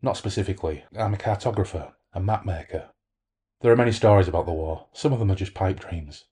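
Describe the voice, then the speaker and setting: A man's voice: low-pitched, fairly quick, dark tone, slightly rough. A man reading the part of an elderly male French villager telling grave wartime and ghost stories. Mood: solemn.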